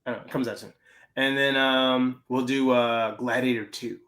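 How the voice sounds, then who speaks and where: A man's voice: medium pitch, fairly even intonation, normal speed, a bit bright. A man co-hosting a film podcast, chatting casually in a laid-back, rambling way and laughing often. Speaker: podcast co-host. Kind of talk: casual chat.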